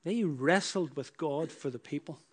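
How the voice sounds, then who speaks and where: A man's voice: on the high side, moderate pace, a little hiss or hum. A man preaching a sermon, building emphatic repeated phrases that rise in force. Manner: emphatic, repetitive preaching with rising bursts.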